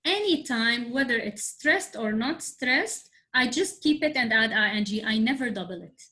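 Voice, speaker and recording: A woman teaching an online English grammar class, explaining slowly, spelling things out letter by letter and often checking that students follow. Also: a little high, expressive, bright, forceful tone. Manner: slow, spelled-out explanations with frequent check-ins. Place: at home on a video call. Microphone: video call.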